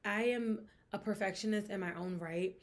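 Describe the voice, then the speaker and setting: Young woman, podcast host, chatty, expressive, emphatic. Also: medium pitch, normal speed. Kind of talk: casual sports gossip chat.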